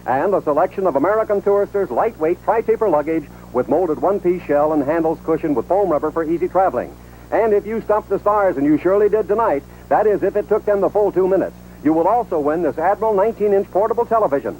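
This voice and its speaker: A man announcing the show's prizes and rules in a smooth, measured, scripted delivery. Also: high voice, expressive, mellow, a little hiss or hum, low-quality recording.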